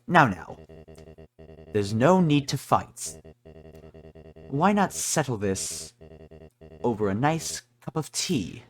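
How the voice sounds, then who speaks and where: A man voicing a gentle fatherly monster king in a calm, soothing tone for a video game. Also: mid-range voice, slow pace, pauses often, faint music behind.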